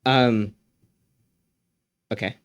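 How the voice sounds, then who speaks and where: A man's voice: mid-range voice, fairly even intonation, extremely slow, smooth, no room sound. A young man streaming live, chatting casually in a rambling, slangy way with lots of restarts.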